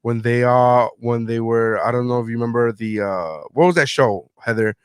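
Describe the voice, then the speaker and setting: A man's voice: mid-range voice, normal speed, clean tone, dry recording, studio quality. A middle-aged man hosting a podcast, telling stories in casual chat and acting out his own lines, swearing freely. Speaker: podcast host.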